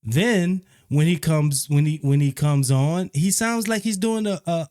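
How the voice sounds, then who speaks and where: Man, music reviewer, slightly high voice, casual and opinionated, repeats points for emphasis. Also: measured pace. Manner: opinionated, repeats phrases, animated when critical. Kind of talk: casual spoken album review.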